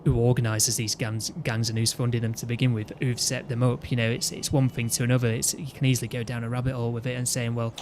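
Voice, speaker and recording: A man's voice: mid-range voice, level tone, quick pace, hardly any pauses, darkish tone, a little hiss or hum. A man, chatting casually and ranting in a rambling way, often restarting his sentences. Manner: rambling, with frequent restarts and "you know what I mean". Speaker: gaming video host.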